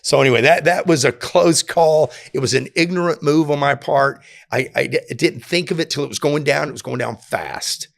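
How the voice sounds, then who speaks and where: A man's voice: a little high, normal speed, creaky, few pauses. A man reflectively telling a personal story in casual conversation, owning his mistakes. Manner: reflective, self-critical storyteller.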